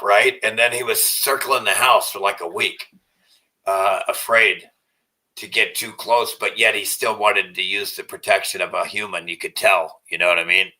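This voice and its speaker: Low-voiced man, profane and rambling. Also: far from the mic, poor audio. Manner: profane, rambling, repeats himself; soft cooing baby talk to his dog. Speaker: vlogger. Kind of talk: casual rambling monologue.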